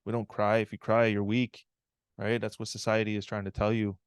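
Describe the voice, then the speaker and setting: A man's voice: lowish voice, little pitch movement, a little fast, clear, resonant tone, no room sound, clean studio sound. A man giving a live online talk, telling a personal story in an earnest, reflective way and often checking in with "right?".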